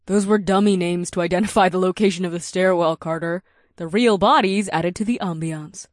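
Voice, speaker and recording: A woman's voice: on the low side, fairly quick, no echo, natural voice. A woman voicing a dry, matter-of-fact young witch in an audiobook, in a close, dry recording. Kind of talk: audiobook dialogue.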